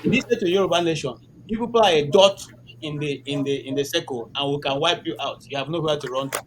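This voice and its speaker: A man's voice: on the high side, fast. A man arguing in a group discussion, posing rhetorical questions with many fillers. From Nigeria. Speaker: discussion participant. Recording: noisy background hiss.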